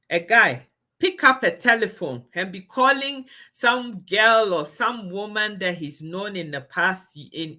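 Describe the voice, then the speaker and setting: A woman's voice: sits low, sharp tone. A woman from Ghana, hosting a live stream and speaking bluntly and emphatically to viewers. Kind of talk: candid live stream talk.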